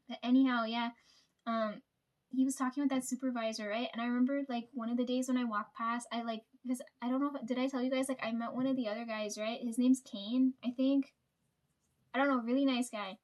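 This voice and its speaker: A woman with a high, steady, somewhat dark voice chats casually at a quick pace, sharing work stories. Her storytime is full of fillers, swearing, and laughter.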